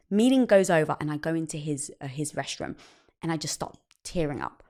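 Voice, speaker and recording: A woman guest on a podcast, speaking with a lively, widely swinging pitch. She tells personal stories and acts out the quoted dialogue as she goes. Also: brisk. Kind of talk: casual conversation.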